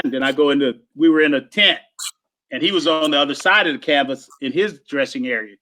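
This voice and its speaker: A man telling lively stories in casual chat, imitating drum sounds and voices and laughing often. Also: a little high, a little fast. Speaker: guest drummer telling stories.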